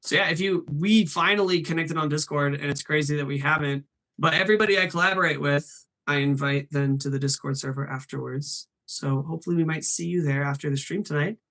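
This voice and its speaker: A man's voice: on the high side, steady tone, fairly quick, a bit bright. Chatty upbeat male stream host. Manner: upbeat, chatty, reads out chat names. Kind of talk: casual live-stream chat.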